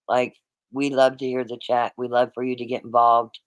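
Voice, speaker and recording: A man hosts a livestream and talks to his viewers in a loose, rambling way, often circling back to repeat himself. His voice sits at a middling pitch. It sounds close and dry, with no room echo. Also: completely flat delivery, moderate pace. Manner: addresses the chat directly, rambling and repetitive. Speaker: livestream host. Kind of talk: casual livestream chat.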